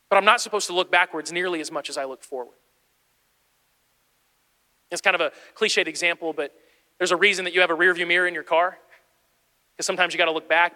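A man in his thirties, a pastor preaching a sermon, telling a personal story and building to urgent encouragement. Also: a little high. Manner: storytelling, animated, rising to urgent exhortation. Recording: long hall reverb.

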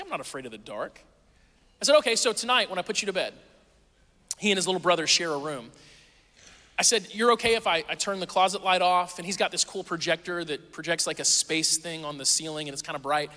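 Bright-voiced man preaching in a hall. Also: high voice, a little fast. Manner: storytelling, conversational with animated quoting. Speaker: pastor. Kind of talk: sermon. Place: church auditorium. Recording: reverberant hall.

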